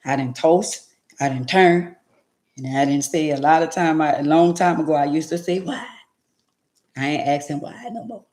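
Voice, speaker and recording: A woman's voice: low-pitched, normal speed, a little mellow. A middle-aged woman hosting a casual livestream, speaking in a heartfelt, preachy way and talking to viewers by name. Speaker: livestream host.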